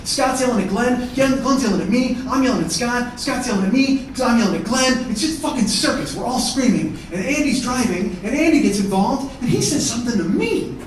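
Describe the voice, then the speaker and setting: A man doing stand-up comedy, telling a profane story and shouting out the heated parts. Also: very high-pitched, expressive, a little fast, few pauses, slight background noise. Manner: profane, escalates to shouting in acted-out arguments. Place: theatre stage before a live audience. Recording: echoey theatre, mic at a distance.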